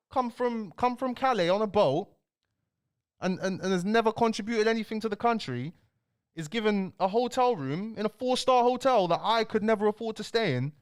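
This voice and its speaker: A young man hosts a casual commentary rant, animated and slangy as he presses his points. His voice sits a little above the usual male range. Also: high voice, clear, resonant tone. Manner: animated, ranting, fills lines with "bro" and "bruv". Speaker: commentary channel host. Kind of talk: casual political rant to camera.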